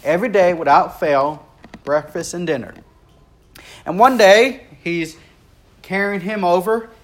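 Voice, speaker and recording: A man preaching a sermon, telling a story earnestly and swinging between rising intensity and hushed, quiet stretches. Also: measured pace. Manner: earnest, builds in intensity and then drops low and quiet.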